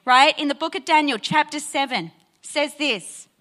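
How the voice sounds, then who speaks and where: A woman preaching a sermon, retelling a Bible story in an animated way and checking in with listeners with a frequent "right?". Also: high-pitched, moderate pace.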